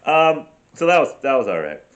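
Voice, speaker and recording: A man's voice: medium pitch, very animated, normal speed, lo-fi sound. Rambling, profane man telling camping stories. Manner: profane, rambling, self-deprecating storyteller. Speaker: vlogger. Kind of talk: rambling casual travel vlog.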